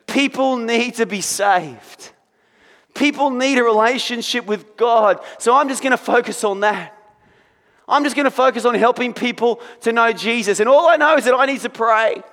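A man preaching in a high, piercing voice that rings out across a church sanctuary. His sermon swells into shouted peaks and sinks back to hushed storytelling, with a long reverb trailing each phrase. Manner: preaching with rising intensity, sometimes shouting. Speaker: pastor.

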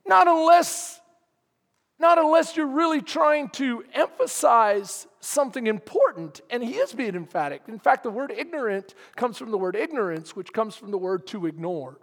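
A man's voice: very high voice, animated, moderate pace, in a large hall. A man preaching a sermon as pastor, emphatic and quizzing his congregation. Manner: emphatic, asks the congregation questions.

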